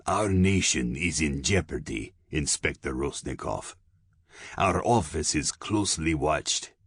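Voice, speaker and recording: A man's voice: low-pitched, a bit bright, breathy edge, dry recording, clean studio sound, heavily acted. A man narrating an audiobook, voicing a solemn, pompous colonel who lectures earnestly and sounds weary. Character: solemn, pompous middle-aged male police colonel.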